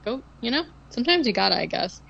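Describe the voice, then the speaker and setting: A woman's voice: fairly high pitch, big pitch swings, quick pace, gravelly, a bit bright, lo-fi sound. A woman co-hosting a podcast, recapping a film in casual chat, rambling with lots of "like" and sarcastic asides. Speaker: podcast co-host.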